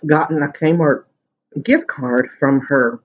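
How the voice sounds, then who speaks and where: A man with a fairly high voice talks casually while he eats, rambling through a story in a chatty way. The recording sounds muffled and lo-fi, like a home video. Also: takes it slowly. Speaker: mukbang vlogger. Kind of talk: casual chat while eating. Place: at home at the dinner table.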